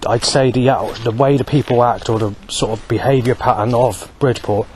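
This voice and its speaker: A man talking alone to camera in a rambling monologue, halting often to search for words. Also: mid-range voice, fairly even intonation, darkish tone, slight background noise. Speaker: vlogger.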